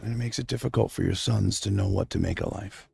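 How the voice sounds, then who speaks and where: Gravelly, husky middle-aged man streaming. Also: on the low side, fast talker, darkish tone, no echo. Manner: rambling, heartfelt, addresses his absent wife directly. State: near tears. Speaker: livestream host. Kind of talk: unscripted emotional monologue.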